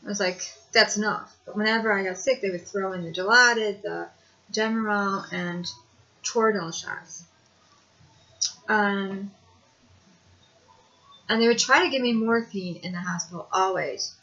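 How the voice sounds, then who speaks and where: Woman vlogger, mid pitch, rambling personal storytelling, muffled lo-fi sound. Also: measured pace, long pauses, sharp tone. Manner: rambling, conversational, with hesitations. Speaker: video blogger. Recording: dull lo-fi home recording.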